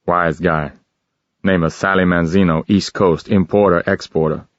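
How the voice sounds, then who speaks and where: A narrator voicing a gruff male police contact who asks short, clipped questions. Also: deep voice, steady tone, moderate pace, no room sound, highs cut off, close to an everyday voice. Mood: terse.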